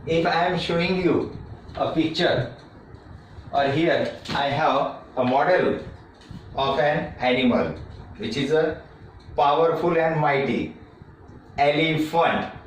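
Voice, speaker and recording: Guy lecturing a class, slow and repetitive, lots of uhs, echoey room, a bit far from the mic. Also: a little high, a little hiss or hum. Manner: slow and repetitive, with frequent fillers and restarts. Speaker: teacher educator.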